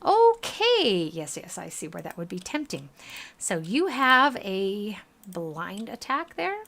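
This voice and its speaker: A woman with a Southern US accent streams a game in a casual, chatty way, reading the game's text aloud. Her voice is bright, with lively pitch swings, and she sounds tired. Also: slow, vocal fry.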